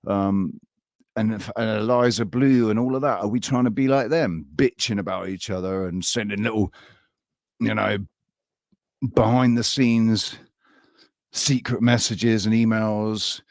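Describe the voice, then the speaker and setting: Low-ish guy on a live stream, sweary and worked up, stops and starts a lot, dry sound. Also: a little mellow, dry recording. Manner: heated, profane, halting ranting. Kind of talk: casual live-stream chat.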